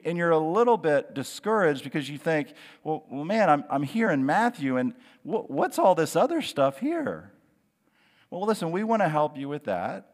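A man preaching a sermon as pastor, earnest and encouraging, stressing key words with slow drawn-out phrases. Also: fairly high pitch. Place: church sanctuary. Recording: long hall reverb.

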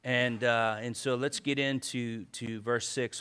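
A man's voice: mid-range voice, steady tone, takes it slowly, sharp tone, smooth. A male pastor preaching a sermon in a conversational way, repeating phrases for emphasis.

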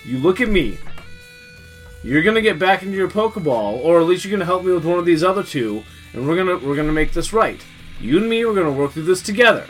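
A man's voice: fairly high pitch, moderate pace, faint music behind, lightly acted. A man playing an earnest young trainer, pleading and stammering. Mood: stern. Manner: pleading, hesitant, many restarts. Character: earnest male Pokemon trainer, apologetic but stern.

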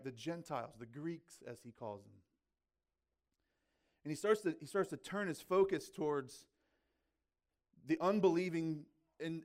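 A male pastor giving a conversational sermon, talking casually and often checking in with his listeners. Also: on the high side. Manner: chatty, filled with "like" and "right?".

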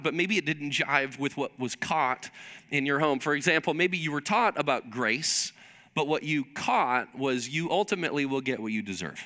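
Bright-voiced animated male pastor. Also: mid-range voice. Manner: lively, animated storytelling. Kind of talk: sermon.

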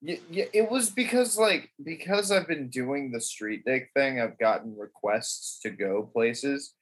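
A man's voice: medium pitch, a little slow, slightly rough. A man co-hosting a podcast, joking around, laughing often and swearing in casual chat. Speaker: podcast co-host.

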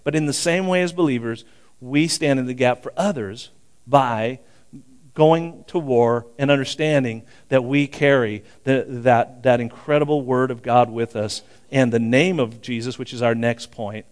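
A man's voice: medium pitch, a little slow, clean tone. A man in his sixties preaching a sermon in a conversational way, with frequent asides and restarts. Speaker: pastor.

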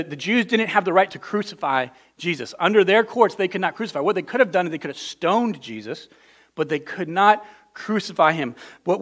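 A man's voice: high-pitched, fairly bright tone. A man preaching a conversational sermon, earnest and emphatic, often repeating words as he restarts a thought. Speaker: pastor.

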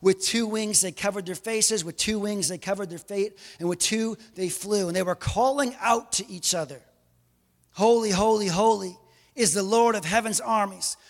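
A man preaching a sermon as pastor, animated, with joking asides and bursts of raised emphasis. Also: high voice, normal speed, in a large hall.

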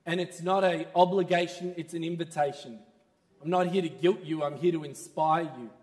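A man preaching a sermon in church, animated and laughing as he talks. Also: fairly high pitch, normal speed, big-room sound. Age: 30s.

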